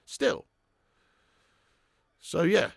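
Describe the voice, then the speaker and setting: A man's voice: very slow, no room sound, studio quality. A young man hosting a live match watch-along, swearing freely and reading out viewer messages. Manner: crude, swearing fan banter; reads out viewer super chats. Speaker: fan channel host.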